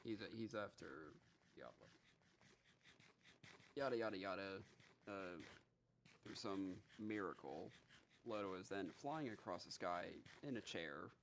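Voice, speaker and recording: A male streamer with a low, gravelly voice retells a story in a casual, profane, animated way. His pitch swings widely as he talks, and faint noise and keyboard clicks sit under him. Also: measured pace, long pauses.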